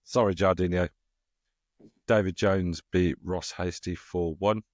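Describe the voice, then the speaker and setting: Male co-host with a very deep voice, steady and unhurried, dry close mic. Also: no room sound. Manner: steady, unhurried, reads names out slowly. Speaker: co-host of a darts podcast. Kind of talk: casual chat.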